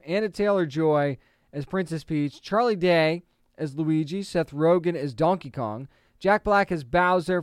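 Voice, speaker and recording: A man's voice: on the high side, smooth, no echo, studio quality. Chatty man giving entertainment news commentary. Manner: chatty, opinionated, animated. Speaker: podcast host.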